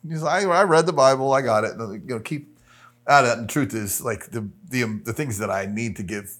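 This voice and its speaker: A man's voice: mid-range voice, brisk, a bit bright. Easygoing male podcast host. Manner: easygoing, joking, hesitant fillers. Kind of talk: casual podcast conversation.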